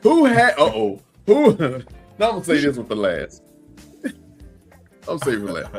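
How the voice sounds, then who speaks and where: A man's voice: on the high side, measured pace, soft background music. A man hosting a casual livestream podcast, reading viewer comments aloud and laughing often. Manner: laughs often, lively and playful. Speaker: podcast host.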